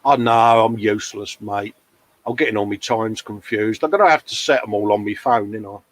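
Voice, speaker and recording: A man with a lowish, fairly bright voice talks a little fast while hosting a live model-painting stream from his hobby workbench at home, and the recording is rough. He chats casually, reads out viewer comments, laughs often and at himself, and calls people mate.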